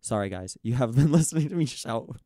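Young guy venting on a podcast, warm low-key tone, dry sound, super exasperated. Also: fairly quick, no room sound. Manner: exasperated, animated ranting with mock-quoted voices. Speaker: podcast host. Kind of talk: ranting casual chat.

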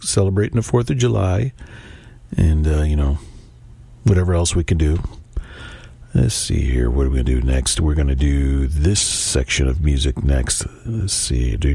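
Deep gravelly radio guy rambling between songs, kinda husky, dry close mic. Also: a little mellow, dry recording. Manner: rambling, self-correcting, wry. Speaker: radio music show host.

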